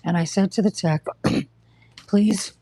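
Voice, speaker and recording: Gravelly, short-of-breath live-stream talker. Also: medium pitch, moderate pace, dark tone, dry recording. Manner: blunt, exasperated, lecturing. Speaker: livestream host telling of hospital care. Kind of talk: casual live-stream monologue.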